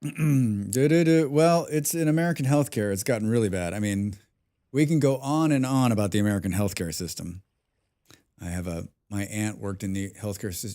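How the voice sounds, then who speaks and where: A man's voice: fairly low pitch, dark tone. A man talking casually on a live game stream, rambling and thinking aloud with many restarts and the odd swear. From abroad, lives outside his birth country. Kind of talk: casual live-stream chat while gaming.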